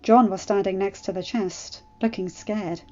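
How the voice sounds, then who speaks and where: A woman reading fan fiction aloud in a steady, even narration. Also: medium pitch, unhurried, muffled recording, soft background music.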